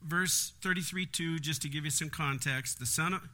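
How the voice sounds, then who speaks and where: A man teaching a Bible study in a relaxed, conversational way, earnest and explanatory, breaking off for asides. His voice is bright and ringing, pitched a little higher than most men's. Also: moderate pace.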